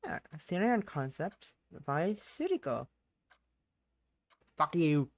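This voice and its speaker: A woman with a fairly low voice chats casually through a game stream. She reacts with loud, mock-outraged bursts and plenty of swearing. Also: very animated, slow pace, long pauses.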